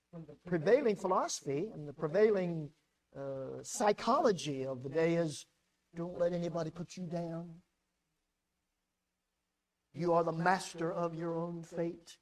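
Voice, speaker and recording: A male pastor delivering a sermon in an emphatic, animated way. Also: high-pitched, rough recording.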